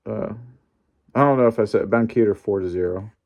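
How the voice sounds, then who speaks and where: A young man talks in a casual vlog with a lowish voice. He sounds animated and opinionated and drops in mild swearing while he recaps the day. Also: a little fast, gravelly. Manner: animated, opinionated, mildly profane. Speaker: wrestling fan commentator.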